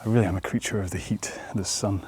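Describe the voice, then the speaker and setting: A man's voice: lowish voice, fairly even intonation, quick pace, a little mellow, slight background noise. A man coaching a follow-along rowing workout outdoors, chatting in a rambling, friendly way with self-deprecating asides.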